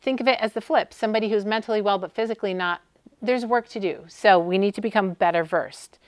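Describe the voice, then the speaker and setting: A middle-aged American woman who works as a sports medicine doctor gives a friendly, conversational conference lecture full of "um"s. Her voice is medium-pitched and quick, and the recording is dry.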